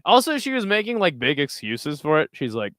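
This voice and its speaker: Smooth-voiced man, loose and profane. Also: on the high side, big pitch swings, brisk, a bit bright, dry recording. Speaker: host reading live chat. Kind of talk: casual livestream fight picks.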